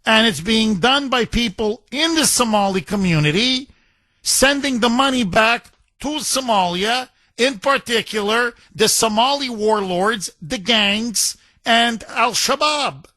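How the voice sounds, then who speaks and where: A man's voice: very high-pitched, expressive, a little slow, bright, forceful tone, no echo. A middle-aged man hosting a talk radio show, ranting in a combative, sarcastic way. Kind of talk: opinionated talk radio monologue.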